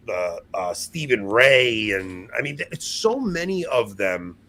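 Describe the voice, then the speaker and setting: Man, young adult, podcast co-host, casual chat, rambling, self-mocking, lively intonation. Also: medium pitch, a little slow.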